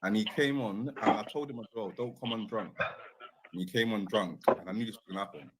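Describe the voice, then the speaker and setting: A man hosting a live stream and talking in a quick, offhand way. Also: fairly low pitch, heavy background noise. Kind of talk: casual live-stream chat.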